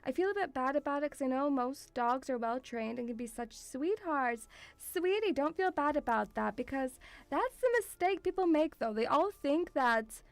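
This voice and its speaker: A woman's voice: high-pitched, animated, normal speed, dry recording. A young woman from Russia, streaming casually, reading viewer messages and calling the viewer sweetie, with frequent giggles.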